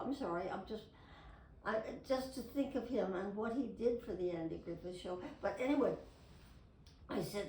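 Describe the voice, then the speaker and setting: A woman's voice: medium pitch, darkish tone. An older woman reminiscing to camera in a rambling, chatty way, with many restarts and side trails. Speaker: retired actress telling memories. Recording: roomy, distant recording with faint noise.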